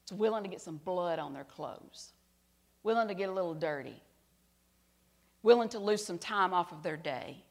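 A middle-aged woman, preaching a sermon and telling a personal story earnestly, her voice dropping soft and quiet at tender moments. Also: on the low side, animated, moderate pace, vocal fry, long pauses. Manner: earnest storytelling, drops to soft quiet tones at emotional parts.

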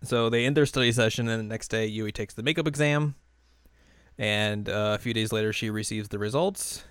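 A man's voice: fairly low pitch, brisk, fairly bright tone, smooth, no echo, studio quality. A man co-hosting a podcast, recapping an episode in casual chat, laughing often. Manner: laughs often, rambling recap with acted quotes. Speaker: podcast co-host.

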